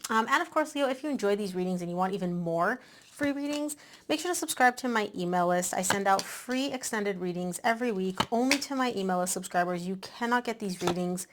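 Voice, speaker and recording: A woman host giving a casual tarot reading, chatty and animated, a bit out of breath. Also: medium pitch, brisk, slight background noise. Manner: chatty, animated, with many "like" and "um" fillers. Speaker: tarot reader.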